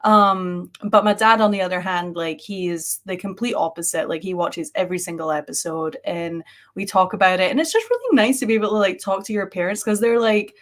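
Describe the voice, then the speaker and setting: A young woman co-host chats loosely on a paranormal live stream. She is talkative and laughs often, and peppers her sentences with "like." Her pitch sits right in the middle. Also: fairly quick, hardly any pauses. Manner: chatty, heavy use of "like", frequent laughter. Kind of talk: casual live-stream chat.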